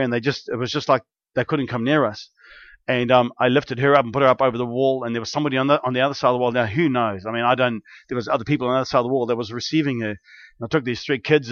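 A man telling a long spiritual testimony in an animated, rambling way, with many restarts and bursts of excitement. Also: medium pitch, no echo. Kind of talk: testimony storytelling. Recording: dull, dry lo-fi recording.

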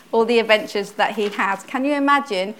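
A woman's voice: mid-range voice, a bit bright, slight background noise. Earnest woman preaching a testimony. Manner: earnest and conversational, with halting restarts. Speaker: church speaker, pastor's wife. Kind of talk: personal testimony sermon.

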